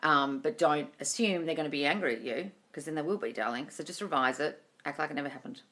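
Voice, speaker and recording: A low-voiced woman talks quickly with a bit of brightness. She hosts a relaxed manifesting-coach Q&A streamed from her phone, answering questions in a chatty, reassuring manner, calling people darling and swearing occasionally.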